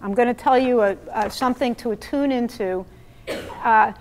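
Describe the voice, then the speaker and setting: A woman with a fairly high, darkish-toned voice speaks at a moderate pace while presenting an interactive parenting workshop in a meeting room. She's emphatic, quizzes her audience, and role-plays lines she'd say to kids.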